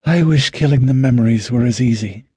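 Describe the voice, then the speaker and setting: A man's voice: mid-range voice, fairly quick, dark tone, husky, no room sound, voice pushed up. A man voicing a tired young woman shaken by nightmares, talking with weary exasperation.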